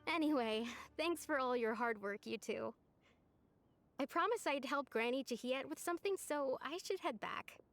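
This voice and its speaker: A woman voicing a heartbroken young woman from a video game who puts on a brave face, speaking in a wistful, softly resigned way. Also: high-pitched, expressive, normal speed, soft background music.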